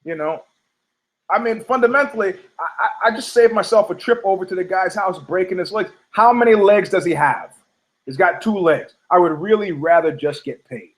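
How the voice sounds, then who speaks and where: A man from New York rants through a talk show monologue with a high, raised voice. He swears freely, doubles back on himself and keeps pressing his point with heated insistence. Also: normal speed, rough recording. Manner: profane, heated, rambling with restarts. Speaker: podcast host. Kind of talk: ranting monologue.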